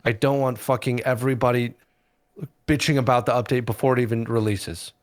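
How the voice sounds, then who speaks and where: A man's voice: mid-range voice, fairly even intonation, fairly quick. A man guesting on a casual podcast, blunt and sarcastic, swearing freely.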